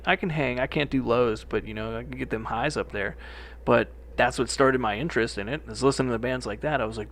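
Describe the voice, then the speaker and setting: A man's voice: medium pitch, a little hiss or hum. Loose, profane young man chatting. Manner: loose and profane, animated storytelling, laughs often. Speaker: podcast co-host. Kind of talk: casual chat.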